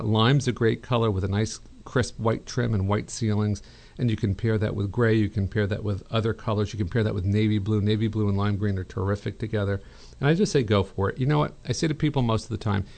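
Low, gravelly man giving design advice. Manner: relaxed, chatty, many fillers and restarts. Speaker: radio show host, interior designer. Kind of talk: call-in advice show.

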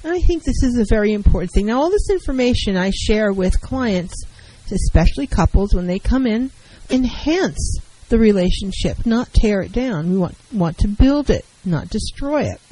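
A middle-aged woman counselor who talks in a calm, measured way and acts out example dialogues. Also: medium pitch, slight background noise, rough recording. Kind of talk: talk radio advice segment.

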